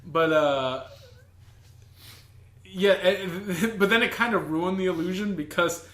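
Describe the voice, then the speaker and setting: A man's voice: high voice, slow, fairly bright tone. Chatty young-sounding man in an echoey room. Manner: rambling, many restarts and fillers, laughs easily. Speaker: podcast co-host. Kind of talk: casual chat.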